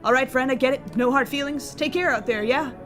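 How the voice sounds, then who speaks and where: A woman's voice: high voice, brisk, over music, close to an everyday voice. A woman voicing a lonely young man who lost his home and friends, in a laid-back, rueful way of talking. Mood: weary.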